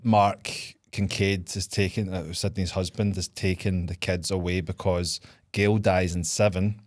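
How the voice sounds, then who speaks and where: A man's voice: deep voice, flat delivery, unhurried, no room sound, studio quality. A man co-hosting a casual podcast, laughing often as he lays out long fan theories. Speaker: podcast co-host. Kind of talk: casual chat.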